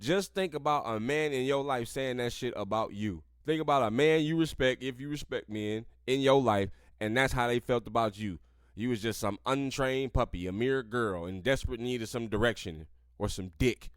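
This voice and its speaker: A man's voice: medium pitch, moderate pace, clear, resonant tone, dry recording, studio quality. A man hosting a podcast, ranting crudely and combatively while reading and reacting to an article. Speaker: podcast host. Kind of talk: profane commentary on articles.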